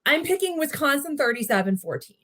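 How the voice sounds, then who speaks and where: A woman's voice: high voice, big pitch swings, fairly quick, pushed and bright. A woman from Maryland, a sportswriter guest in a casual podcast interview over a video call, chatty and enthusiastic, often restarting her sentences. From Maryland, United States. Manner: chatty, enthusiastic, frequent restarts and "you know".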